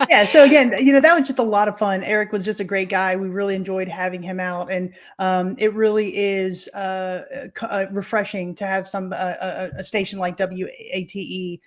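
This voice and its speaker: A woman's voice: medium pitch, steady tone, fairly quick, few pauses. A woman co-hosting a podcast, chatting in a supportive way and stumbling now and then over words. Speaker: podcast co-host. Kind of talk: casual live podcast chat.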